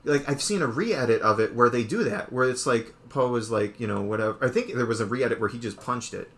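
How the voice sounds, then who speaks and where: Guy rambling through a movie recap, tons of "like", tosses in quick quote voices. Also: mid-range voice, a bit bright. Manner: rambling retelling full of "like" and quick put-on quotes. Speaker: podcast co-host. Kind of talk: casual chat.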